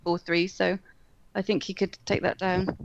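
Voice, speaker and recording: A woman's voice: fairly low pitch, flat delivery, moderate pace, vocal fry. A woman chatting thoughtfully about athletics. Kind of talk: casual athletics chat. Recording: dull lo-fi line with faint noise.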